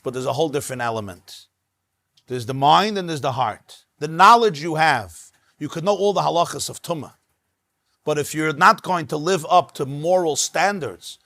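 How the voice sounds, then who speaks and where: A man, a rabbi teaching a Talmud class. He talks in an animated way, acts out the dialogue in the text and mixes Hebrew and Aramaic phrases into his English. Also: sits high, no echo, studio quality. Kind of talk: Talmud study lecture. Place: synagogue classroom.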